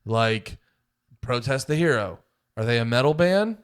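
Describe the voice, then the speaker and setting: A man co-hosting a movie podcast, arguing his points in an animated, profane, casual way. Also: medium pitch, unhurried, clear, resonant tone. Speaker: podcast co-host.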